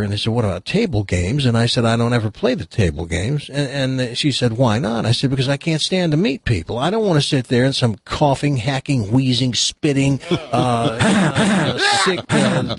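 Husky middle-aged American man telling stories. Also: mid-range voice, moderate pace, hardly any pauses, no echo. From United States. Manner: rambling anecdotes, animated voices for quoted people. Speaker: radio show host. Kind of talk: casual storytelling chat.

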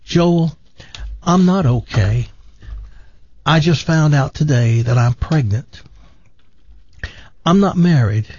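A man's voice: medium pitch, darkish tone, slightly rough, dry recording, highs cut off. A man putting on the voice of an anxious young pregnant woman, speaking in a pleading, raised tone.

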